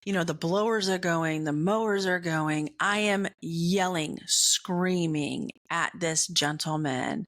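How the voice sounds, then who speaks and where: A woman's voice: fairly low pitch, fairly bright tone. A woman hosting a faith-based comedy podcast, telling a self-deprecating personal story and laughing at herself. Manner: acts out other people's lines in quick put-on voices. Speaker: podcast host.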